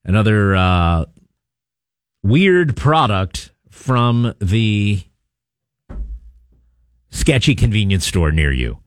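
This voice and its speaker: Here a talk radio host with a lowish voice moves extremely slowly, leaving long pauses and swinging widely in pitch. Between a news story and incoming texts he makes wry, conversational asides, often saying "uh." The studio microphone delivers clean sound with no echo.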